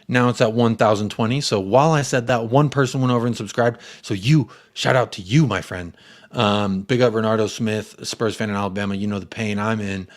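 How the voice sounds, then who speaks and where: An American young man hosting a football fan live stream, reading viewers' comments aloud and giving them shout-outs in an animated way. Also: fairly low pitch, a little fast. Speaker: fan channel host.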